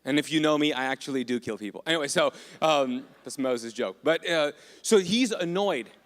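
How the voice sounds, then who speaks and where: A man's voice: a little high, animated, moderate pace, big-room sound. A man preaching a sermon as a pastor, casual and joking with lots of asides. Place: church auditorium.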